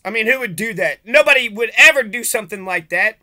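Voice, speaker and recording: Man, sharp tense voice, ranting vlog commentary, profane, sarcastic. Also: high voice, lively intonation, quick pace. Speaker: vlogger.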